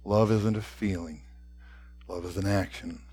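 A man preaching a sermon, reading scripture aloud with slow, deliberate phrasing that trails off softly at the ends. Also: low voice, fairly even intonation, a little hiss or hum.

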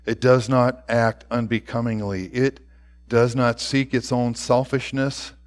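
A man preaching a sermon, reading scripture aloud with slow, deliberate phrasing that trails off softly at the ends. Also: mid-range voice, level tone.

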